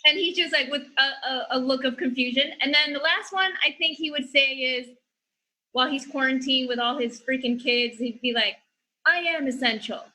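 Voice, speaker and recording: High bright-voiced woman, deadpan jokes. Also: moderate pace, poor audio. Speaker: comedian guest. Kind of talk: casual comedy banter.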